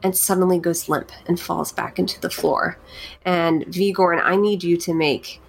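A woman narrating as game master of a tabletop game, often pausing with fillers as she searches for words. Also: fairly low pitch, steady tone, creaky, slight background noise. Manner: hesitant, many fillers.

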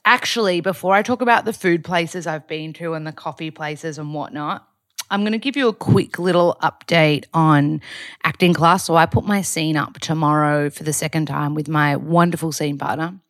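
A woman's voice: deep voice, moderate pace, no room sound. A woman with an Australian accent hosting a casual diary podcast, chatting in an upbeat way and sprinkling in "like". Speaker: podcast host. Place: small closed room at home.

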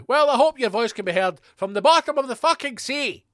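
स्कॉटिश लहजे वाला एक आदमी, जो अपने पॉडकास्ट पर गाली-गलौज के साथ ज़ोर से और मज़ाक उड़ाते हुए भड़ास निकालता है।. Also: male voice, very high voice, animated, fairly quick, few pauses, no echo, studio quality. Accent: Scottish. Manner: sweary, loud and mocking, reads news aloud. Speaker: podcast host. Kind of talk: ranting solo podcast.

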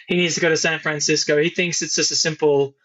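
A man's voice: on the high side, flat delivery, fast talker, fairly bright tone, lo-fi sound. A man co-hosting a casual film podcast, recapping plots in an easygoing way. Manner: easygoing plot recaps with fillers. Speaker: podcast co-host. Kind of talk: casual chat.

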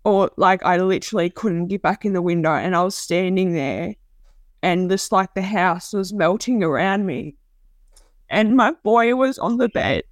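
Halting woman, dry close sound. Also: lowish voice, no echo. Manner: halting, raw, repeats herself. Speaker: interviewee telling her story. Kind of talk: personal testimony.

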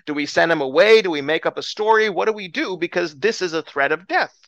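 A man's voice: sits high, animated, quick pace, a bit bright, no echo, voice pushed up. A man doing a frantic, panicking king. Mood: panicked. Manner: frantic, anguished. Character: panicking male king fearing war.

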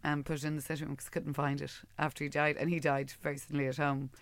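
A supportive listener in casual conversation who speaks gently and calmly. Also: mid-range voice, quick pace. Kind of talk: casual chat.

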